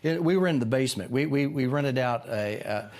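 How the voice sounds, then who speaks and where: A man in his sixties, a podcast guest, tells a rambling personal story in a casual interview and acts out quoted lines in a sudden higher voice. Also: animated, brisk, a little mellow. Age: 60s.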